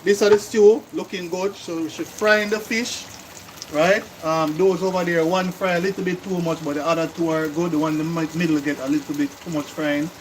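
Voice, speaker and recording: A man's voice: on the high side, steady tone, a little fast, a little hiss or hum, rough recording. A man with a Jamaican accent co-hosting a cooking live stream, chatting to viewers and explaining things in patois. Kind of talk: casual live-stream chat.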